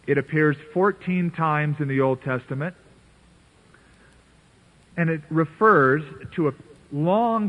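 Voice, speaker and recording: Preacher on a tinny radio broadcast. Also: male voice, on the high side, husky. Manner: earnest, conversational preaching with playful voicing of biblical characters. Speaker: pastor. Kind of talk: sermon.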